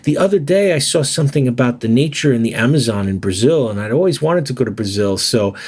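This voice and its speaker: A man's voice: mid-range voice, lively intonation, quick pace, a little mellow, husky. A man quoting a friendly old male jazz bar owner in a lightly raised, easygoing voice. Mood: content.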